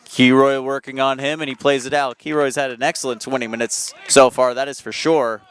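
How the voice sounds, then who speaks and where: A man giving live soccer play-by-play commentary from an outdoor field, chatty and quick to correct himself. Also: medium pitch, flat delivery, fairly bright tone. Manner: chatty, self-correcting, apologetic asides.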